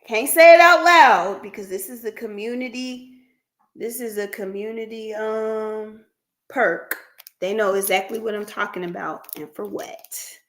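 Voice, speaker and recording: Woman, livestream host for a counseling practice, bright voice, slow easy pace, chatty, laughs a lot. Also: medium pitch. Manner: chatty, laughs often, talks to viewers by name. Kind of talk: casual livestream chat with viewers.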